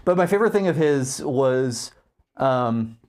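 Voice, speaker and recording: A man's voice: mid-range voice, animated, measured pace, darkish tone. A young man co-hosting a podcast in casual, rambling chat, swearing freely. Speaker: podcast co-host.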